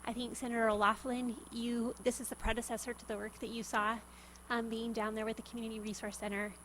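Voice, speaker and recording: A woman with a somewhat high voice speaks in a legislative hearing room, endorsing an appointee. She sounds a little out of breath and hurried. Faint room noise sits behind her. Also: flat delivery, rough recording. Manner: warm, slightly breathless endorsement. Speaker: state senator introducing nominees. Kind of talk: formal remarks.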